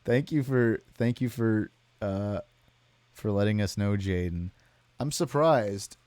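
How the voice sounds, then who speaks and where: Tired streamer guy reading chat, low voice, deadpan, super dry close sound. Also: slow pace, no echo. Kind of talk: casual chat.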